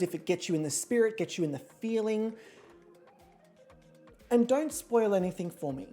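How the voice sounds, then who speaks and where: A woman chatting on her livestream as host of an online model competition, jokey and prone to squealing high voices. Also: warm tone. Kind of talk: casual livestream chat. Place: home streaming setup with a pet nearby.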